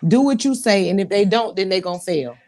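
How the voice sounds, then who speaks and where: A woman co-hosting a casual talk show, animated and laughing often. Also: mid-range voice, a little fast. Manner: animated, laughs often, talks to the audience directly. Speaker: podcast co-host. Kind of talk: casual chat.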